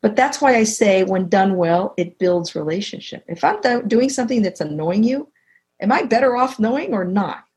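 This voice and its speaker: A middle-aged woman being interviewed as a communication expert, explaining with animated stories and acting out bits of dialogue. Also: medium pitch, moderate pace, slightly rough. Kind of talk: conversational interview.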